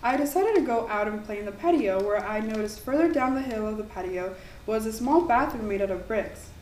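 A woman reading her own ghost story aloud in an earnest, slightly halting way. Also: a little high, lively intonation, darkish tone. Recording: echoey room, mic far off, faint background noise.

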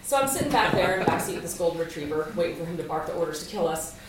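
A young woman from Alaska telling a personal story to a room, lively, laughing often and acting out what people said. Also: fairly low pitch, very fast, heavy background noise. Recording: echoey room, far from mic.

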